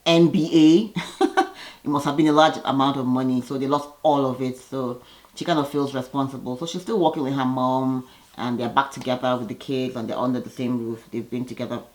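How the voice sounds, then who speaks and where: A woman vlogger giving a chatty, opinionated recap of a reality TV episode, with lively jumps in her voice. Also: a little fast, low-quality recording. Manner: lively, gossipy, opinionated with sudden pitch jumps.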